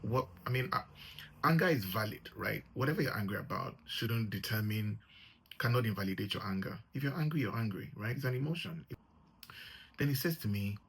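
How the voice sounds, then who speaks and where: A man's voice: lowish voice, expressive, a little fast, gravelly, fairly bright tone, breathy edge. A man talking through a relationship issue in a casual, reflective monologue, earnest and often checking in with the listener. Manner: earnest, thinks aloud, often adds "right?". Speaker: relationship commentator.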